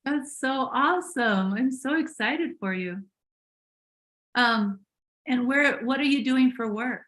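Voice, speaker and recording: A woman's voice: high voice, slow, fairly bright tone. A woman hosting a live body language webinar, upbeat and encouraging with her guests.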